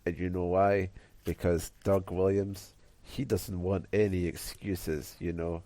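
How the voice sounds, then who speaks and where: Low voiced guy rambling on a podcast, laughs a lot, swears, dry mic. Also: level tone, a little slow, warm tone, dry recording. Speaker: podcast co-host. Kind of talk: casual chat.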